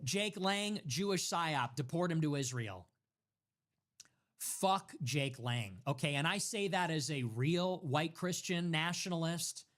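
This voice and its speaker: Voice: medium pitch, expressive, takes it slowly, fairly bright tone. An online commentator in an angry, profane, rambling monologue, with sarcastic asides. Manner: rambling with restarts and mocking asides. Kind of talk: ranting monologue.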